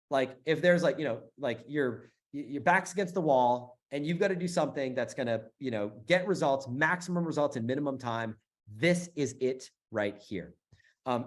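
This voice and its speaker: A middle-aged man runs a live sales webinar, pushing his offer with emphatic repetition. His voice sits fairly high for a man, and his delivery is peppered with fillers and quick restarts. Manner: energetic, emphatic, repeats phrases, many fillers. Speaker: webinar host selling a business bootcamp.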